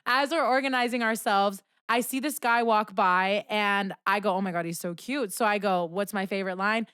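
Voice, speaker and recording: A woman's voice: medium pitch, fairly even intonation, moderate pace, fairly bright tone, clear, resonant tone, no room sound, studio quality. A young woman co-hosting a podcast, telling a party story in casual chat, acting out quotes and swearing freely. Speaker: podcast co-host.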